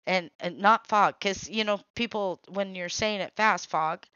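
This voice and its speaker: A woman's voice: mid-range voice, unhurried, pushed and bright, smooth, no echo, muffled recording. A woman hosting a casual crafting chat, a chatty storyteller who laughs often. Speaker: craft channel host.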